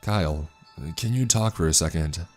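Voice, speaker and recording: A plain-spoken hunting partner as a man reads him, in a very deep, even-toned voice. He keeps his lines short and to the point. Faint music plays beneath the story. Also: moderate pace, natural voice. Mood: matter-of-fact.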